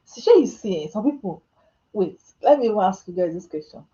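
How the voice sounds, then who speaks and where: Animated and brisk, this woman's mid-range voice has a dark tone, and the audio sounds dull. She's Nigerian, with a Nigerian accent, answering viewers' questions on a live stream from home in a chatty, self-mocking way, with frequent laughter and Nigerian Pidgin asides.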